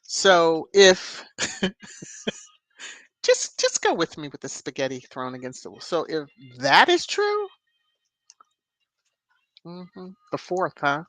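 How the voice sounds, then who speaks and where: A woman with a low voice hosts a relaxed livestream, slowly reading viewer comments and adding sassy, chatty remarks. She drops in knowing hums and easy laughs, and the sound is dry and close with no room echo.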